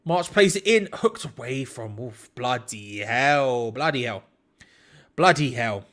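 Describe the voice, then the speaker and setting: A man's voice: medium pitch, expressive, takes it slowly, a bit bright. A man hosting a live football watch-along, commenting on play to his chat in disbelief and laughing at bad defending.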